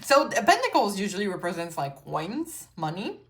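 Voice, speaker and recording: A woman's voice: mid-range voice, huge pitch swings, moderate pace, fairly bright tone. A woman whose first language is French gives a casual pick-a-card tarot reading, chatty and full of "like" and "you know" fillers, with frequent swearing. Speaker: tarot reader.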